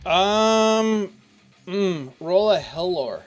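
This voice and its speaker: Animated man running a tabletop game. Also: high-pitched, very slow, faint music behind. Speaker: game master.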